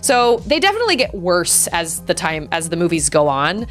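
A woman's voice: fairly low pitch, big pitch swings, normal speed, a bit bright, faint music behind. A young adult woman streaming a video game, chatting casually and reacting with gasps, laughs and squeals. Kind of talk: casual live gameplay commentary.

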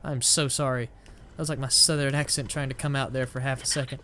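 This is casual let's-play commentary from a young man playing a shooter, rambling along, teasing himself, and blurting out frustration as game music plays. He speaks a little fast at medium pitch with little pitch movement, over a noisy background.

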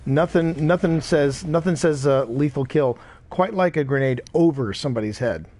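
A man's voice: on the high side, normal speed, a little mellow. A tired middle-aged man chatting casually while he streams a game, rambling and repeating himself between reactions to the play. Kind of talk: casual gameplay chat.

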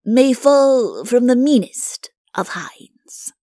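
Lady putting on a stuffy old chancellor voice, slow and shaky, bit of fry. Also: high-pitched, very animated, no echo, studio quality, pitched above the performer's own voice, full character voice. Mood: pompous. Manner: slow, pompous and quavering. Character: quavering old male court chancellor, pompous.

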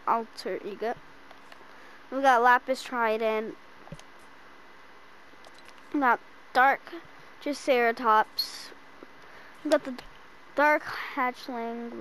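A woman hosting a casual game item shop rundown, hiccuping and listing items excitedly while stumbling over names. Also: a little high, a little hiss or hum, low-quality recording. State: has the hiccups. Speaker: gaming channel host.

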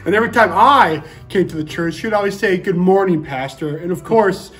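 A pastor, a man, fondly recalling a church member in a gentle way. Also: high voice, a little fast, soft background music. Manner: gentle, fond storytelling. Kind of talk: spoken remembrance.

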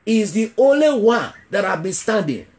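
A man's voice: high voice, big pitch swings, moderate pace. A man preaching a revival sermon as an evangelist, asking the congregation questions and repeating key phrases for emphasis. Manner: emphatic, builds to shouting.

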